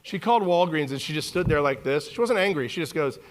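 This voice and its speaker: A man in his forties giving a live keynote talk on a conference stage, animated and joking with the audience. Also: a little high, fairly quick, hardly any pauses. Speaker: keynote speaker.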